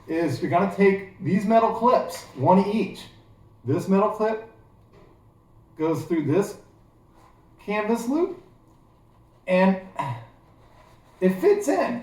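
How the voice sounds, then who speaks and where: Recorded in a very echoey room with his voice far from the mic, a gear how-to vlogger talks his way through a digressive, filler-heavy demonstration. He has a Midwestern American accent from Ohio and a high-pitched, slightly mellow voice.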